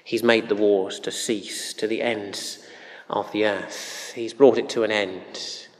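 A man with a lowish, level voice preaches slowly and conversationally, weaving in anecdotes and frequent ums and uhs. The sermon echoes through a hall with long reverb.

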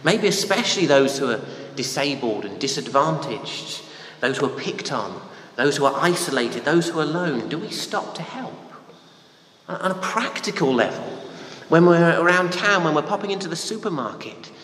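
Preacher guy giving a sermon, animated voice, bit high, big echoey church hall. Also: normal speed. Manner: lively, conversational, asks listeners rhetorical questions. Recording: echoey hall, faint room ambience.

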